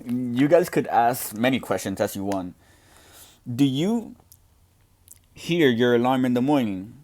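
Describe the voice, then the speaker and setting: A young deaf man speaking loudly and earnestly in a casual question-and-answer talk, with frequent restarts. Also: mid-range voice, expressive, unhurried. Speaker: student podcaster answering questions.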